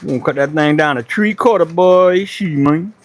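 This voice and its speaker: A Charleston, South Carolina man with a Gullah Geechee accent runs a woodworking livestream, chatting casually and occasionally cursing as he works in his woodshop and talks to viewers. His voice is a little high, at a normal speed, with no echo.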